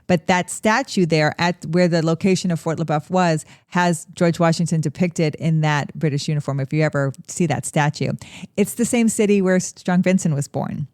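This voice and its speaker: Lowish-voiced woman explaining history. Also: moderate pace, darkish tone, no echo, studio quality. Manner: explanatory, storytelling. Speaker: podcast co-host and historian. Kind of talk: casual history discussion.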